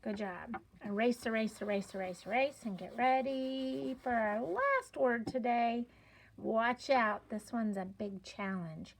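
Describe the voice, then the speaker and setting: A woman teaching a children's phonics lesson, spelling out sounds slowly and clearly with playful, encouraging emphasis. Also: a little high, animated.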